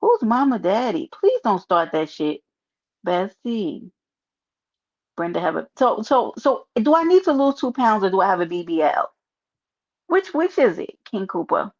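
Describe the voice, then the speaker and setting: A woman's voice: mid-range voice, big pitch swings, unhurried. A woman with a New York accent hosting a casual livestream, chatting sassily and reading her chat aloud. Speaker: livestream host. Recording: dull lo-fi stream audio.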